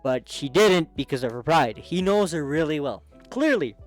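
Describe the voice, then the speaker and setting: Brief: chatty male manga recapper, slightly higher voice, excitable, with faint music under. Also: moderate pace. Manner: excitable, chatty, many restarts and asides. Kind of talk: casual commentary.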